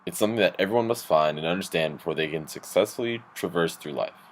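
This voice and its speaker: Low-voiced man reading scripted narration. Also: a little hiss or hum. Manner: measured, explanatory.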